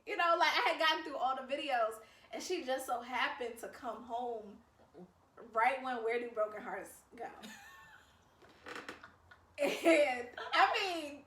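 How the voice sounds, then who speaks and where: Woman, 30s, podcast co-host; high voice, lively storytelling, roomy off-mic sound. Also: measured pace, long pauses, distant mic, slight background noise. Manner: animated storyteller, acts out quotes. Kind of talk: casual chat.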